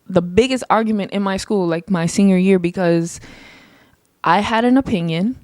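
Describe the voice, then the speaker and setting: A young woman hosting her own podcast, talking casually and passionately, her voice climbing high when she gets heated. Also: a little mellow, dry recording, studio quality. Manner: passionate, emphatic, rises into heated rants. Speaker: podcast host. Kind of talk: casual solo podcast monologue.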